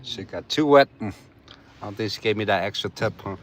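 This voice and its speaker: A man with a lowish voice chats casually on a live stream, talking a little fast over slight background noise. Drowsy after a nap, he sounds laid-back, laughs often and swears casually.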